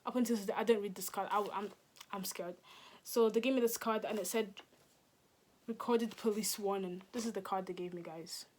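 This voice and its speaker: A woman's voice: medium pitch, steady tone, a little fast, a little mellow, slight background noise. A young adult woman, a vlogger, telling a dramatic storytime in casual slang with some swearing. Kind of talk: storytime vlog.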